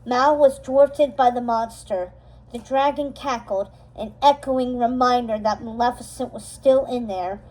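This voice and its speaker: A woman reading a storybook chapter aloud, steady and expressive, slowing down for dramatic moments. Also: on the high side, rough recording. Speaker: storybook reader. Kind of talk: storybook read-aloud narration.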